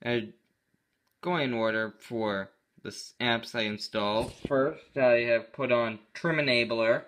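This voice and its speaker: A man with a bright, clear voice talks casually through a computer demo. He rambles a little and often stops to correct himself mid-sentence. He sounds offhand and unpolished, like a hobbyist host. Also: medium pitch, steady tone, measured pace. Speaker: tech channel host. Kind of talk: casual screen-recorded tech walkthrough.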